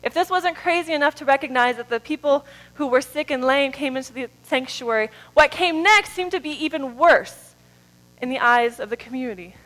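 A woman with a high, bright-pitched voice delivers a sermon in a church. She drops to soft, stretched words and then climbs to loud, urgent calls, with faint music underneath. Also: rough recording. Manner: dynamic preaching, swings from soft drawn-out words to loud rising calls. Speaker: preacher.

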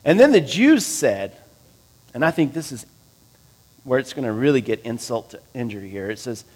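A man preaching a sermon, reading scripture aloud and explaining it in a conversational way, asking his listeners questions and swinging between loud and quiet. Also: mid-range voice, sing-song, normal speed, slightly rough. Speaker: pastor.

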